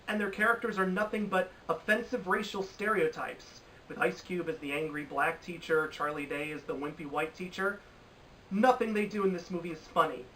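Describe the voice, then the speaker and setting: A young man rants about films in a bright, forceful voice, swinging between exasperated emphasis and dry sarcasm. He sits a little away from the microphone, with a faint hiss of ambience behind him. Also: a little high, moderate pace, far from the mic, rough recording. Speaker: film commentator. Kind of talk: opinionated commentary. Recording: voice a bit off-mic with faint ambience.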